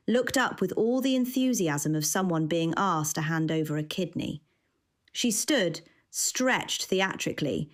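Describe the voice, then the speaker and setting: A woman narrating a first-person cozy mystery audiobook in a measured, wry way. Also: on the low side.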